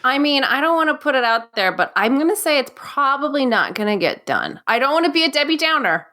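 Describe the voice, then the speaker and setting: A woman's voice: sits high, big pitch swings, fairly quick, sharp tone. A woman in her forties, an actress and comedian from Nevada, chatting as a podcast guest in a bubbly, joking way, with lots of "like.". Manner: bubbly, jokey, says "like" often. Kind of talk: casual podcast chat.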